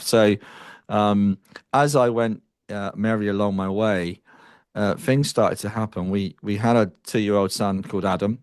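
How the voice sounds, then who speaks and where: A middle-aged man from the UK, a guest telling his story in an interview, reflective and halting, with sighs and restarts. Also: lowish voice, dry recording, studio quality. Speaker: guest psychic medium.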